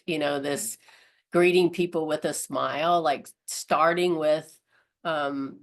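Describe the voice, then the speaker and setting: A woman in casual talk, thinking aloud as she goes, with frequent ums and restarts. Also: low-pitched. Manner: many fillers, thoughtful.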